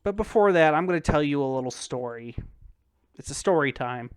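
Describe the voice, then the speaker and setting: A man's voice: on the high side, expressive, a little fast, clear, resonant tone, no room sound, studio quality. A young man streaming old PC games, rambling and joking crudely at his own expense. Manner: rambling, crude, self-deprecating. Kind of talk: casual game stream commentary.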